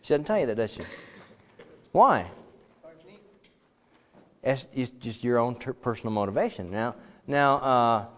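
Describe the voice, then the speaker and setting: A middle-aged man teaching a Bible class in a casual, animated way, acting out the quoted dialogue. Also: medium pitch, a little slow, pauses often. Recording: dull lo-fi sound with long reverb.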